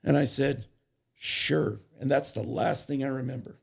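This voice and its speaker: A man telling his recovery story as a podcast guest, halting and restarting as he goes, plainly moved as he recalls it. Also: medium pitch, fairly even intonation, gravelly, slightly rough. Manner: halting, restarts and self-corrections, emotional retelling. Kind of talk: personal storytelling.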